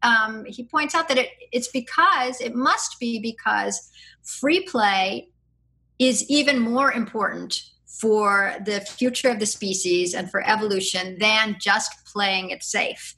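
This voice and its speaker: A middle-aged woman, a podcast guest, chatting and explaining at length in a lively, rambling way, with laughs and restarts. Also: on the high side, slow. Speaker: podcast guest, free-play advocate. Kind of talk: casual conversational explaining.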